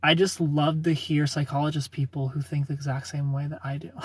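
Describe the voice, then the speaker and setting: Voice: medium pitch, little pitch movement, moderate pace, a little hiss or hum. A livestreamer in their thirties answering chat comments in a chatty, opinionated way and laughing often. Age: 30s.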